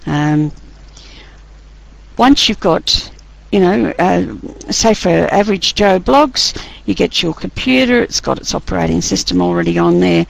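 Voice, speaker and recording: A woman's voice: deep voice, gravelly, breathy edge, low-quality recording. A woman lecturing a class, running a chatty, teasing quiz and laughing often.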